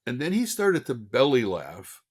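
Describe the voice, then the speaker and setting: An older man, a film director guest on a podcast, telling a lively story and acting out voices. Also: medium pitch, a little slow, slightly rough. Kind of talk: casual anecdote telling.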